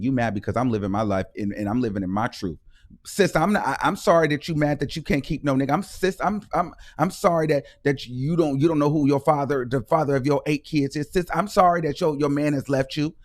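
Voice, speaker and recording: A man hosting a livestream show, ranting heatedly with sarcasm, repetition and frequent swearing. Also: fairly high pitch. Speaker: host.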